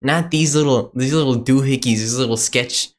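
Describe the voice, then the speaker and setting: A man's voice: mid-range voice, normal speed, natural voice. A man putting on a mocking voice for a smug young male pen salesman, full of exaggerated disbelief and stammering. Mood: scornful.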